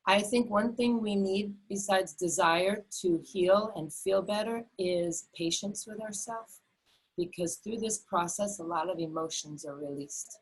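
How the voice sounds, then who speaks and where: Husky-voiced middle-aged woman teaching online. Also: medium pitch, measured pace, poor audio. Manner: earnest, repetitive, many fillers and restarts. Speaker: health educator. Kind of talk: enthusiastic webinar talk.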